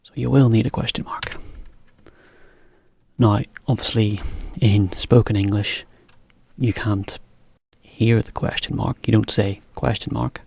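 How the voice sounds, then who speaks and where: A man giving a relaxed English lesson to Japanese learners, explaining with simple examples. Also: on the low side, measured pace, creaky, breathy edge, no room sound. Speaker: English teacher.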